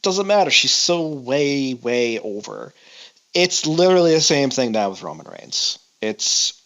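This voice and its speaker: A man co-hosts a relaxed podcast chat in a somewhat high voice. His pitch jumps around a lot as he acts out quotes in voices. He comes across as animated and talkative. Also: normal speed. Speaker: podcast co-host. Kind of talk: casual wrestling chat.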